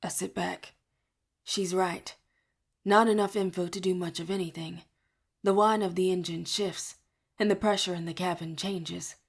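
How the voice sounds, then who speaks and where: A woman reading a first-person novel aloud in a soft, hushed way, often near a whisper. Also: fairly low pitch, fairly even intonation, moderate pace, gravelly, slightly rough. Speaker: audiobook reader. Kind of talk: first-person audiobook narration.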